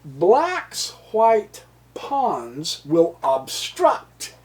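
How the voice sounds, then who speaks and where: A man's voice: high voice, wildly swooping pitch, drawn-out words. A tired American man giving a casual chess lesson, rambling and joking to himself between points. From United States. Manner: rambling, jokey asides, mutters to himself. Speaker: chess teacher.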